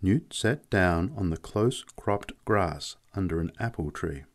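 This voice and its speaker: A man narrating a novel in a measured, expressive audiobook reading. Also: low-pitched.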